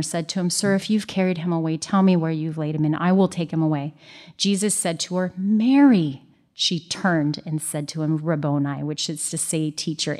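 A woman reads scripture aloud and then teaches on it in an earnest, conversational way. Her voice sits a little low, and she breaks into everyday asides from family life. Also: darkish tone. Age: young adult or middle-aged, married mother. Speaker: Bible teacher. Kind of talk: Bible study teaching.

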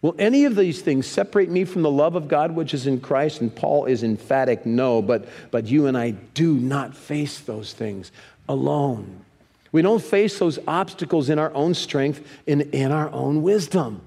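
A man preaching a sermon in a church, lively, leading the congregation in reading scripture aloud. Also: a little high, normal speed, creaky. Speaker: pastor. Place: church sanctuary. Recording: long reverb of a church hall.

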